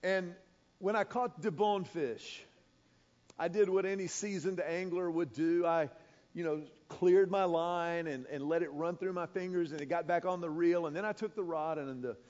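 Brief: high-voiced male preacher, animated storyteller, muffled recording. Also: moderate pace. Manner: animated, acts out sound effects. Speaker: pastor. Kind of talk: storytelling sermon. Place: large church auditorium. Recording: echoey church hall, dull sound.

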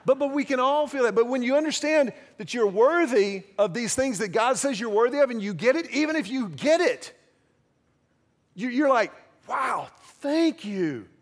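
Guy pastor w a high voice, chatty laid-back sermon, acts out little bits of dialogue. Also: expressive, normal speed. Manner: conversational, self-deprecating preaching with acted-out quotes.

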